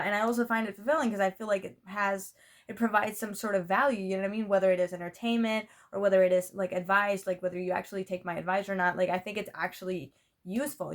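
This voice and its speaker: A young woman talking straight to her camera in a casual vlog. She rambles, restarts her sentences and keeps filling the gaps with "like" and "you know what I mean". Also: mid-range voice. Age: young adult. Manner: rambling, talkative, many fillers and restarts. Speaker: vlogger. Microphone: camera mic.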